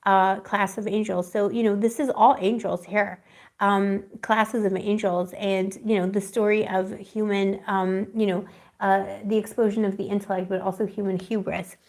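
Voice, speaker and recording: A woman talks her viewers through a live tarot reading at an average pitch. She rambles in a dreamy, affectionate way, stops to hunt for words, and keeps slipping in pet names for the people watching. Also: level tone, normal speed, a little mellow. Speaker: tarot reader.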